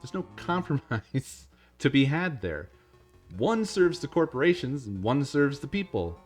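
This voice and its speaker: A man's voice: medium pitch, big pitch swings, measured pace, faint music behind. A man streaming a game, chatting casually, laughing often, swearing and rambling. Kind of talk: casual gameplay stream chat.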